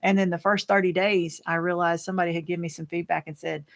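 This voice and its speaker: A woman hosting a casual live chat, reading viewer comments aloud and answering them in a rambling, fast-talking way with frequent laughs. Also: fairly low pitch, fairly even intonation, gravelly. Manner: chatty and rambling, laughs often, many restarts; talks fast by habit. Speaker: host.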